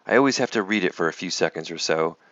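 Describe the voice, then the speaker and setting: A man reading a picture book aloud in a lively, expressive way. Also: low voice, quick pace, no room sound, dull audio. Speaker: storybook reader.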